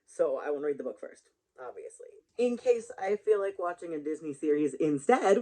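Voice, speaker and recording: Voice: mid-range voice, expressive, moderate pace, hardly any pauses, dark tone, poor audio. A rambling, chatty book vlogger talking casually to camera. They wander between thoughts and laugh at their own jokes. The sound comes from a built-in camera mic.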